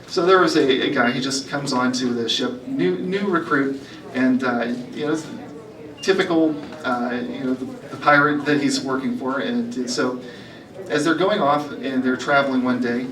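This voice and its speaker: A man's voice: medium pitch, moderate pace, far from the mic. A man presenting at a live health event, chatting casually with fillers and laughing at his own jokes. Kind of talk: casual talk to a live audience, telling jokes. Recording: echoey hall, voice from afar, crowd behind.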